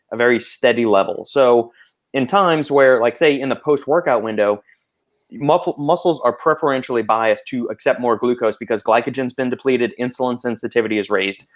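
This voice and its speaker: A man hosting a panel podcast, explaining at length in casual talk full of fillers. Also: mid-range voice. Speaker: podcast host.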